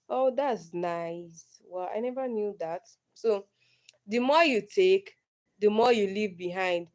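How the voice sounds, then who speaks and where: A young woman hosting a casual livestream, slowly reading riddles aloud and answering them herself. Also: mid-range voice. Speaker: livestream host.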